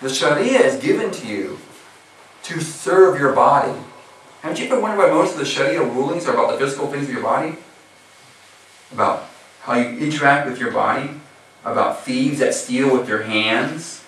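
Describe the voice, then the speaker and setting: A man's voice: mid-range voice, lively intonation, moderate pace, fairly bright tone, a little hiss or hum. Casual American male preacher, recorded far off in a very echoey hall. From USA. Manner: casual, chatty, heavy use of filler phrases. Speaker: Muslim preacher. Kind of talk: sermon.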